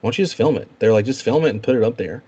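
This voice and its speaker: A man chatting casually as a podcast guest, telling animated stories and acting out what others said. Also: rapid-fire, husky, dull audio. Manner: animated storyteller, quotes people in a higher voice. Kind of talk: casual chat.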